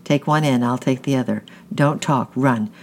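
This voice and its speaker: A man reading the lines of a brisk, capable mother, commanding yet kind, in a storybook. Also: medium pitch, a little mellow, a little hiss or hum, close to an everyday voice. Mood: urgent.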